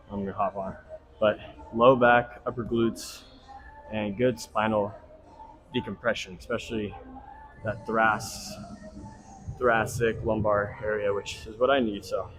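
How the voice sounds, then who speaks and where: A man's voice: lowish voice, rough recording. A young man vlogging his leg workout in a gym, talking casually to viewers between sets, sometimes out of breath. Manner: casual, swears, coaching asides to viewers. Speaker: fitness vlogger. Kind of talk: casual gym vlog talk. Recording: gym ambience noise.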